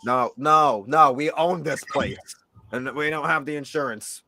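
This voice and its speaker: A man's voice: on the high side, measured pace, sharp tone, a little hiss or hum. A young adult man chatting casually as a shop owner, blunt and gossipy with a sassy edge. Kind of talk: casual chat.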